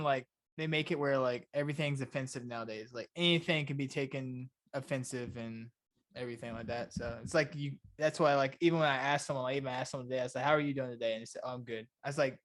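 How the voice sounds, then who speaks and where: A man co-hosts a podcast in quick, casual chat, stringing thoughts together with filler words. His voice sits in a middle register. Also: medium pitch. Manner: rambling, full of "like".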